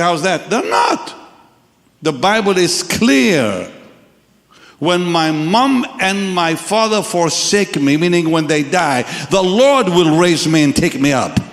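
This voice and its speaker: A man in his seventies preaching a dramatic sermon testimony to a large congregation. He swings from hushed tones to sudden shouts. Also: sits high, creaky. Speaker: pastor. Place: large church or crusade hall with congregation. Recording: echoey hall sound.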